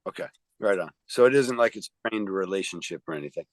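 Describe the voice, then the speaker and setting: A man's voice: low-pitched, animated, fast, no echo. A man interviewing a guest in a casual chat, asking questions and joking with short replies.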